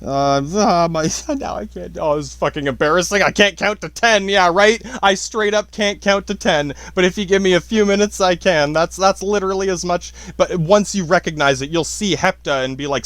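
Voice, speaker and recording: A man's voice: sits high, normal speed, hardly any pauses, fairly bright tone, dry recording. A man rambling in a casual monologue, swearing often, apologizing and laughing at himself. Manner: profane, self-deprecating, frequent apologies and laughs. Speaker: podcast host.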